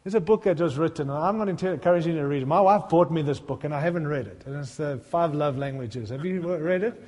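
A middle-aged man preaches a sermon to his congregation, his voice pitched high. He tells self-mocking, funny stories and then swells into fervent appeals. His voice carries a long reverb, as if filling a large church hall. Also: fast talker, darkish tone. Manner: humorous, self-deprecating storytelling that builds to fervent appeals. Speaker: pastor.

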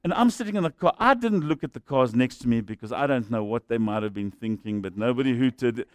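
A middle-aged man preaching a sermon, telling stories that swing from hushed to shouting. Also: mid-range voice, lively intonation, a little fast, dry recording. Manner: storytelling, swings from quiet to shouting. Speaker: pastor.

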